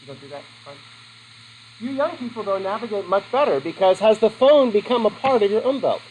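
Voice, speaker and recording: A middle-aged man with a fairly high voice lectures a classroom, joking and chatting as he quizzes his students. A faint hiss of background noise sits under the recording. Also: expressive, a little fast, darkish tone, rough recording. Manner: joking, conversational, asks the class questions. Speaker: teacher.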